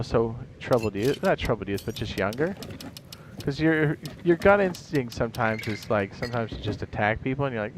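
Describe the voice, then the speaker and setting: A man's voice: medium pitch, noisy background. Rambling, profane man streaming a game. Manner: rambling, profane, laughs at his own jokes. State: tired. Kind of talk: casual stream commentary.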